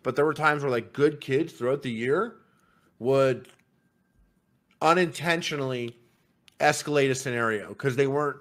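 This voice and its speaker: A man's voice: mid-range voice, moderate pace, pauses often. A man hosting a casual podcast, telling stories about substitute teaching in a rambling way full of fillers. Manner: rambling, filler-heavy, acts out quotes in loud voices. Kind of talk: casual storytelling chat.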